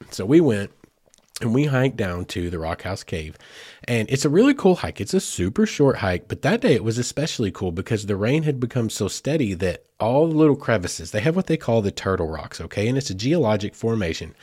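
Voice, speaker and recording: A man's voice: fairly low pitch, big pitch swings, fairly quick, a little mellow, husky, no room sound, studio quality. A man, a father, telling a family story in a casual, rambling way with lots of fillers. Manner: rambling, chatty, with many fillers like "like" and "you know".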